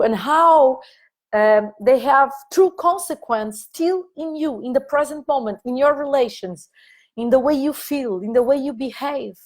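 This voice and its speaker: Woman, slow unhurried delivery, gentle and repetitive, live online talk guiding an inner-child exercise. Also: sits high. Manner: gentle, repetitive, soothing instructions. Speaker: consciousness coach leading an online meeting. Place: online meeting.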